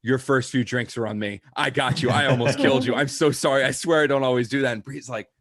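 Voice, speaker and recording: Fast-talking man telling a rambling story. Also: mid-range voice, dry recording, clean studio sound. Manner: rambling anecdote full of "like", animated quoting. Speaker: podcast co-host. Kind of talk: casual chat, storytelling.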